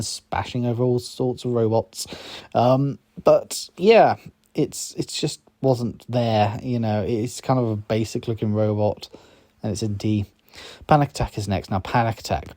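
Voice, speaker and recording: Low-voiced man, rambling commentary. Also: dark tone, no echo. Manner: rambling, many ums and restarts, enthusiastic. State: sleepy, yawning. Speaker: YouTube host ranking robots. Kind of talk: casual tier-list commentary.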